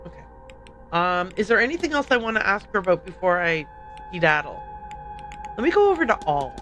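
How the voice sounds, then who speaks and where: A woman streaming a game, chatting in an excitable, jokey, self-deprecating way with quick tangents. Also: fairly low pitch, faint music behind, low-quality recording. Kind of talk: livestream gameplay commentary.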